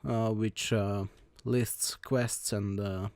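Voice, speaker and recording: A man commenting on a video game he plays, reading the game's text aloud in his own plain voice and talking in a halting way, with many fillers and restarts. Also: lowish voice, fairly even intonation, darkish tone, clear, resonant tone. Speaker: let's play host.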